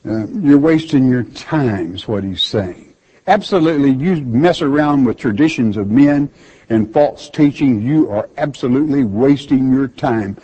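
A male preacher reads scripture aloud and then explains it bluntly, scolding his listeners with rhetorical questions. His delivery is slow and unhurried, and his voice is mellow and a little husky. The recording sounds dull and lo-fi. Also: a little high, animated. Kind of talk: sermon with scripture reading.

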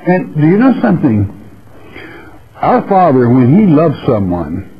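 A man preaching a verse-by-verse sermon, reading scripture slowly and then explaining it in folksy asides. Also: medium pitch. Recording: dull lo-fi radio broadcast.

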